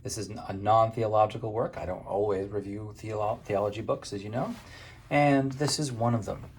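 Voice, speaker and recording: A man's voice: fairly low pitch, steady tone, normal speed, breathy edge. A man from Maine giving a casual spoken book review in a conversational, hesitant way.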